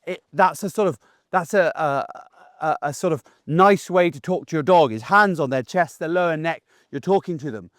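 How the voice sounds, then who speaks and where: Chatty dog trainer, dry sound. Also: male voice, on the high side, moderate pace, no echo. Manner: chatty and animated, acts out the dog's and owner's voices. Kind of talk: casual instructional talk. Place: outdoors on grass with a dog.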